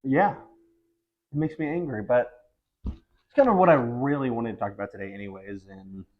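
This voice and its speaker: A man's voice: mid-range voice, normal speed. A man hosting his own vlog from home, talking in a rambling casual monologue full of ums and frustration. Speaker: vlog host. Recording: slightly dull lo-fi recording.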